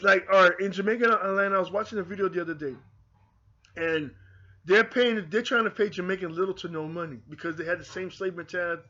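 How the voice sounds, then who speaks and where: A man's voice: sits high, bright, forceful tone. A man with an American accent hosting his own channel, delivering a fervent, repetitive monologue straight to his viewers. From United Kingdom. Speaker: channel host. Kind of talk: impassioned monologue to camera. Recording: dull lo-fi recording.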